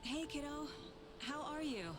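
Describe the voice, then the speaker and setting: An actress playing a composed female detective and mother who speaks in a calm, measured way. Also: high-pitched, very noisy. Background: game music.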